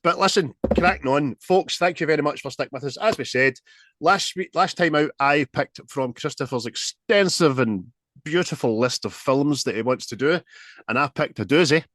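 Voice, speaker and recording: A man with a Glaswegian accent hosting a podcast, chatting casually and swearing freely in lively banter. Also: fairly high pitch, normal speed, dry recording. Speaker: podcast host. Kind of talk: casual chat.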